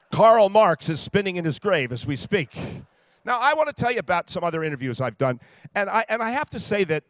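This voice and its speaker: Brief: man with a slightly high voice, comic storyteller on stage, dry close sound. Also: dry recording. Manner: lively storyteller, builds to punchlines. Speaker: sports interviewer telling stories. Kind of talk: comedic speech to a live audience.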